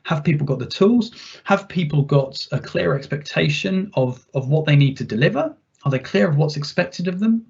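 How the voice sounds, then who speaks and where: A man's voice: fairly high pitch, animated, normal speed, creaky, darkish tone, husky. A man presenting a workplace training webinar in a conversational way, with restarts and rhetorical questions. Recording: dull, muffled webinar audio.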